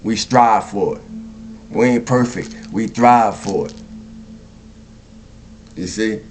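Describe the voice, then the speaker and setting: Male spiritual speaker, lowish voice, repeats lines like a preacher, faint noise behind. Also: slow pace, a little mellow. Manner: repetitive, preacherly, chuckles often, asks "you see?". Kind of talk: spoken spiritual monologue.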